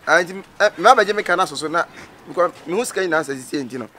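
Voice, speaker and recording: A man with a Ghanaian accent playing a boastful man who has come into money, talking loudly and bursting into laughing shouts. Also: a little high, lively intonation, very fast, lightly acted. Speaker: comic film character. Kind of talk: Ghanaian comedy film acting.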